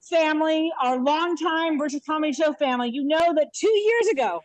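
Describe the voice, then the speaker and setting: Woman in her fifties, comedian on a video call, high voice, dry close sound, animated storyteller. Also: fairly quick, no echo, rough recording. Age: 50s. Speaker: stand-up comedian. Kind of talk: live virtual stand-up set. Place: hotel room. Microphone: laptop webcam on a video call.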